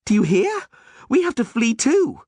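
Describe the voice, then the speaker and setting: A man voicing an excitable male bard, yelling in breathless panic. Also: very high voice, measured pace, slightly rough, no echo, pitched above the performer's own voice, exaggerated voice. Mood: frantic.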